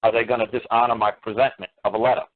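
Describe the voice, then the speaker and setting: A man's voice: fairly low pitch, level tone, racing. A man lecturing on a call-in radio show, combative and blunt, hammering listeners with repeated rhetorical questions and swearing. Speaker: radio talk show host. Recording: tinny phone-line radio audio.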